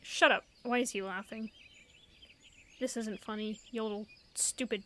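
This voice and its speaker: A woman's voice: medium pitch, fairly even intonation, moderate pace, a little hiss or hum. Sarcastic young woman streaming a game. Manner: sarcastic, playful asides. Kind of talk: casual live commentary. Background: game music.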